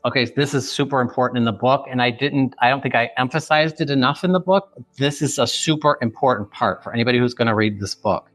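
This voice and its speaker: A man's voice: medium pitch, fast talker, hardly any pauses, a bit bright, no echo, faint music behind. A man in his fifties from the Chicago area, a book author sharing an emotional personal story as a podcast guest and acting out remembered dialogue. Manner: vivid retelling that acts out remembered dialogue.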